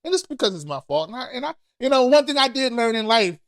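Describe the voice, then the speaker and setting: A man co-hosting a podcast in casual chat, telling blunt and candid stories that grow loud when he acts out arguments. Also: very high voice, big pitch swings, fast, dry recording, clean studio sound. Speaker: podcast co-host.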